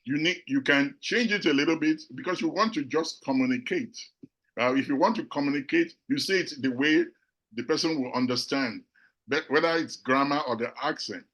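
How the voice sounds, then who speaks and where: A middle-aged man from Nigeria with a Nigerian accent, giving a measured, reflective talk to an audience as a panel speaker, pausing often on fillers. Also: on the high side, fairly bright tone, poor audio. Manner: measured, with frequent filler pauses.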